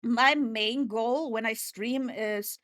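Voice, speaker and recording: A hoarse woman streamer chatting casually and joking with viewers, often stammering and restarting. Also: on the high side, slow, fairly bright tone, no room sound. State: hoarse, clearing throat. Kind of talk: casual live-stream chat.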